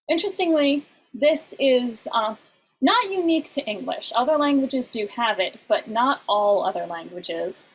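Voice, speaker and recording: A woman's voice: fairly high pitch, a little hiss or hum, low-quality recording. A woman teaching a lesson on song lyrics over an online class, explaining patiently with many fillers and restarts.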